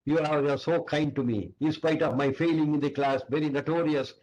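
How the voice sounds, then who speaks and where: A man's voice: fairly high pitch, steady tone, a little fast, darkish tone, muffled recording, close to an everyday voice. A man with an Indian English accent voicing a troubled schoolboy who speaks hesitantly and pleads. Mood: pleading.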